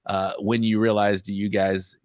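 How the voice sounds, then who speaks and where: A man's voice: lowish voice, little pitch movement, unhurried, no echo, studio quality. A man hosting a barbecue podcast, talking in an enthusiastic and emphatic way. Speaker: podcast host. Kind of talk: casual podcast chat.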